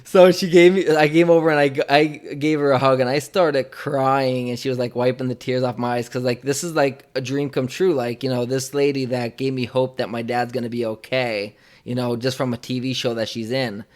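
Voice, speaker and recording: A man's voice: medium pitch, flat delivery, normal speed, hardly any pauses. A young man interviewing a guest, telling a personal story in a rambling, emotional way, full of fillers and restarts. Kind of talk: casual conversational storytelling.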